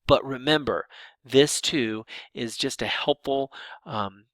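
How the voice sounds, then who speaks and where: A man explaining sign language grammar in a relaxed lecture, emphatic and lively, often restarting his phrases. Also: mid-range voice, slow, dry recording. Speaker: ASL linguistics instructor.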